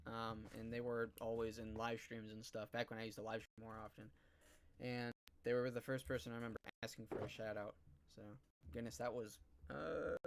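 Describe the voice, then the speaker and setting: Man, from California, stream host, middle pitch, rambling casual chat, lots of fillers. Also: vocal fry, background noise. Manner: rambling, filler-heavy and thinking aloud. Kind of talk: casual chat while gaming.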